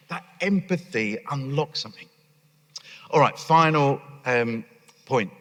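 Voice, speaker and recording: A man's voice: mid-range voice, a little slow, pauses often. A man giving a conference keynote on a stage, telling stories with animation and acting out voices. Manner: animated storyteller who acts out voices. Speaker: charity leader giving a conference talk. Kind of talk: keynote talk. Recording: echoey hall.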